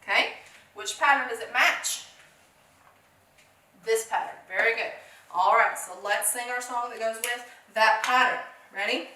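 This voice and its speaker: A woman's voice: fairly high pitch, measured pace, pauses often, pushed and bright, reverberant, far from the mic, a little hiss or hum. A woman teaching a phonics lesson to young children, encouraging them, asking questions and answering them herself.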